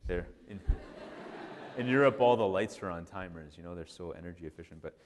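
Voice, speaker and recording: A man, a priest, giving a casual, animated storytelling talk full of restarts and "like". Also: sits low, a little fast, slight background noise. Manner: animated, conversational, many restarts and "like". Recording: long hall reverb.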